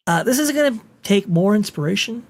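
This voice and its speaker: A podcast host chatting casually on a livestream, halting and giggly with many restarts. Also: mid-range voice, animated.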